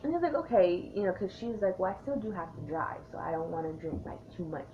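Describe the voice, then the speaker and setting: Young woman, casual storytime vlog, chatty and animated, tinny phone-like audio, faint hiss. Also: fairly low pitch, fast. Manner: chatty, animated, acts out quotes. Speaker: vlogger. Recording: tinny lo-fi sound.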